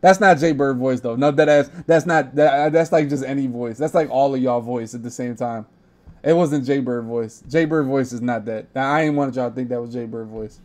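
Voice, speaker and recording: A man's voice: medium pitch, normal speed, darkish tone. A young man hosting a casual gaming podcast, talking brash, profane trash talk. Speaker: podcast host.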